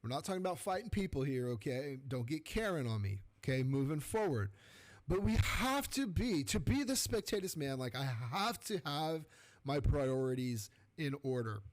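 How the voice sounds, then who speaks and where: A man's voice: a little high, normal speed. Middle-aged californian guy doing a pumped up faith pep talk on his podcast, loose and chatty, lots of right?. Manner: energetic and colloquial, peppered with rhetorical "right?". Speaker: podcast host.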